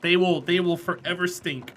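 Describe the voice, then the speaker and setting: A woman gaming on a live stream, her voice clear and bright as she talks straight to her chat. She is blunt and sure of her opinions, calling out viewers by name and pushing back when they disagree. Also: on the low side, fairly even intonation, normal speed, a little hiss or hum.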